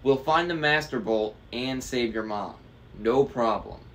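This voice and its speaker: A man's voice: mid-range voice, unhurried, lightly acted. A man voicing a nervous teenage satyr boy who speaks in a jumpy, eager way.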